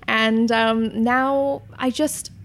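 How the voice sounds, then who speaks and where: A Canadian content creator in her late twenties, from near Toronto, appears as a podcast guest. Her fairly high voice stays steady with drawn-out words as she chats casually and giggles, full of "likes" and self-deprecating remarks.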